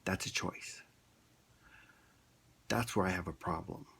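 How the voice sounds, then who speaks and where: A man's voice: sits low, slow, creaky, bright, forceful tone, slightly rough. A man ranting bluntly in a rambling, casual opinion monologue. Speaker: vlogger.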